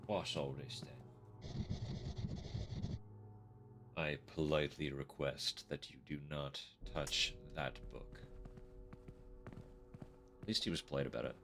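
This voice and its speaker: A man's voice: very deep voice, fairly even intonation, slow pace, vocal fry, long pauses, over music. A man streaming a game, reading its text aloud and adding dry, sarcastic asides.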